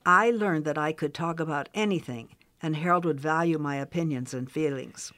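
An older woman, a preacher's wife, calmly reflecting on her own story. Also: low voice, normal speed. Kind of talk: recounting a personal story.

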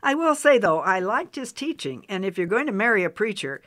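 An older woman, a preacher's wife, calmly reflecting on her own story. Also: medium pitch, fairly quick. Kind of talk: recounting a personal story.

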